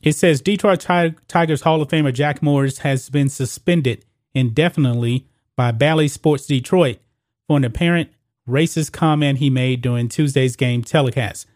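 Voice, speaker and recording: A sports commentary host with a mid-range, darkish voice talks at normal speed in a dry, clean studio recording. On his own sports opinion channel he chats casually with viewers and reads news reports aloud, stumbling and restarting.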